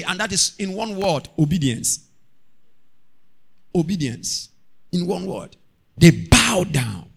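A man preaching a sermon as a pastor, calling out to the congregation and rising into shouts. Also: high-pitched, sing-song, slow, vocal fry, long pauses, slightly rough.

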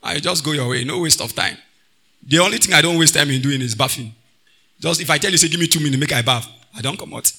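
A man preaching a sermon, swinging between loud bursts and quiet asides and slipping into pidgin phrases. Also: a little high, quick pace, vocal fry, breathy edge.

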